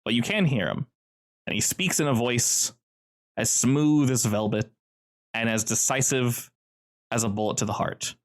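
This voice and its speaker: Relaxed male game master narrating. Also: medium pitch, measured pace, pauses often. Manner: descriptive, relaxed, loose phrasing.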